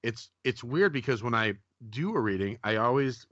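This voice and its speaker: A man's voice: medium pitch, expressive, moderate pace, fairly bright tone, no room sound. A man, a psychic medium guest on a radio show, telling rambling anecdotes in casual talk and acting out the people he quotes. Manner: rambling, many restarts, acts out quotes. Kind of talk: casual radio interview storytelling. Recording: dull lo-fi radio audio, dry.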